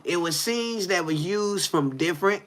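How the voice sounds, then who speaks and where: Guy ranting on a livestream, kinda high bright voice, keeps going "you hear me". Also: moderate pace, a little hiss or hum. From Detroit. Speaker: content creator. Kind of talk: casual livestream commentary.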